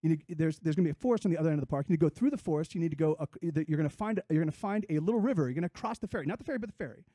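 Brief: kind street drifter, rambling and repetitive, high and quick, as a joke-teller puts him on. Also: male voice, animated, mellow, dry recording, studio quality. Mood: earnest. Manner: rambling, repeats himself. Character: kindly homeless man on the street.

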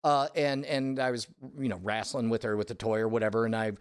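A man's voice: mid-range voice, fairly quick, clean tone, no echo, studio quality. A man hosting a podcast, telling a rambling, stammering story in casual comedic chat. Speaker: podcast host.

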